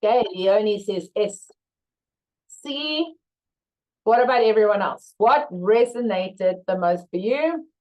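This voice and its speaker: A leadership trainer with a mid-range voice runs a live online masterclass at a slow pace, reading viewers' chat replies aloud. She's lively, acting out staff responses in short workplace role-plays. The audio is lo-fi.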